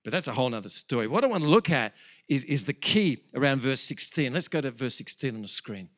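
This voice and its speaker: A man preaching a sermon as pastor, animated and building to excited peaks, with quick self-corrections. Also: mid-range voice.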